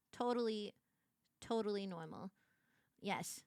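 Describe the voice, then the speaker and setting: A young adult woman streamer chatting casually with her viewers, animated and laughing, prone to excited shrieks. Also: mid-range voice, slow pace, long pauses, clean tone.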